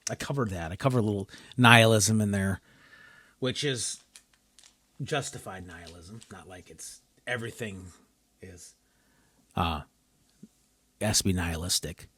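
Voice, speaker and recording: Casting: man, low pitch, dry close sound, annoyed solo podcaster who keeps losing his thread. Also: unhurried, pauses often, fairly bright tone, slightly rough, no room sound. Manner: frustrated, rambling, self-interrupting. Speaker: podcast host.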